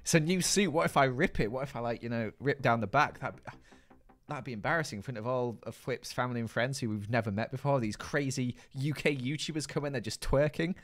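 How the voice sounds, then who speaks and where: A man's voice: mid-range voice, fairly quick, a bit bright, soft background music. A British man hosting a live gaming stream, chatting playfully and reading viewer comments aloud. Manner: chatty, playful, jokey banter with chat.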